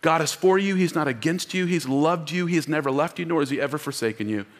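A pastor with a fairly high voice preaches fast and emphatically, leading his congregation in call-and-response. He wears a mic in a church auditorium, and the recording carries long hall reverb.

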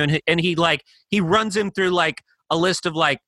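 Bright, high-voiced man pitching movie ideas. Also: a little fast, dry recording. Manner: enthusiastic, talks over others, restarts often. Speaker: podcast co-host. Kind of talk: casual chat.

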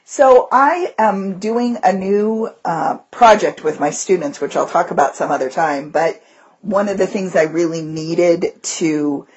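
A woman's voice: fairly low pitch, measured pace, slightly rough, dull audio. A woman teacher co-hosting a podcast, chatting casually and animatedly about her classroom. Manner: animated storyteller, breaks into voices. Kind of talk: casual chat.

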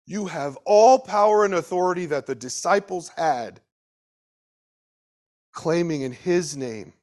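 A man preaching a sermon in a fairly high voice. He surges into loud, emphatic bursts, then drops into quiet, slowed asides. He keeps turning to his listeners with direct questions. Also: expressive.

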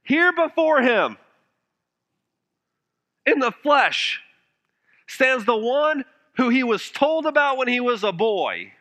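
A man preaching a sermon with passion, now and then dropping his voice to a hush for emphasis. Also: very animated, takes it slowly, pauses often. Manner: impassioned preaching, dropping to hushed low phrases for emphasis. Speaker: pastor.

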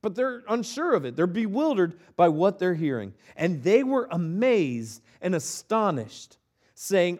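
A man preaching as a pastor with a high, lively voice that leaps around. He mixes joking asides with sudden drops into low, quiet emphasis. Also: measured pace. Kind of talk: sermon.

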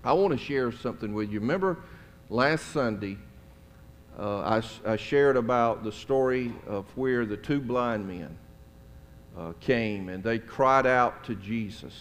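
A man's voice: medium pitch, unhurried. A middle-aged man, preaching a sermon as a pastor and telling stories in a conversational, folksy way. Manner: conversational, folksy, chuckling asides. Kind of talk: storytelling sermon. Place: church sanctuary. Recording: long church hall reverb.

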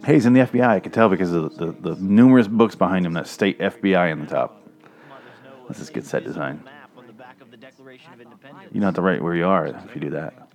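A man with a low, slightly mellow voice gives brisk, casual commentary while watching a movie, pausing often. His remarks are rambling, crude, sarcastic and profane, with the movie audio playing in the background.

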